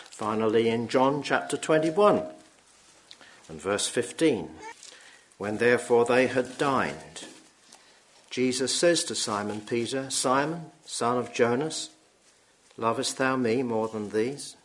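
A man's voice: medium pitch, expressive, a little hiss or hum. Solemn man reading scripture. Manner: slow, solemn reading with throat-clearing. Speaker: preacher.

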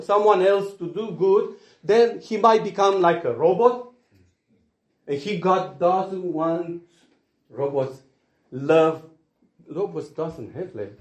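An earnest man delivers a sermon, his voice sitting a little high. He swings between loud, emphatic lines and soft, hushed asides. The sound carries the echo of a roomy space. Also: slow pace. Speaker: preacher. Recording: echoey room.

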